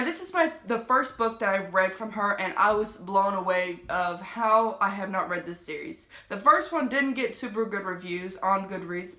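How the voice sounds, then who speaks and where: Bright, gushing young woman book vlogger. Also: mid-range voice, reverberant. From United States. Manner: gushing, excitable, rambling with self-corrections. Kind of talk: casual book review vlog.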